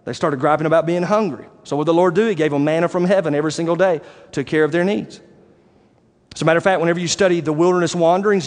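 A man preaching a sermon, animated and acting out the voices of the people he describes. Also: fairly high pitch. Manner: animated, acts out quoted voices, rising to shouts. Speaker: pastor. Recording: long hall reverb.

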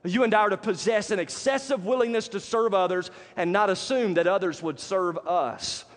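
A man's voice: high voice, normal speed, in a large hall. A male pastor preaching a sermon in a conversational style, calling out to the congregation for responses.

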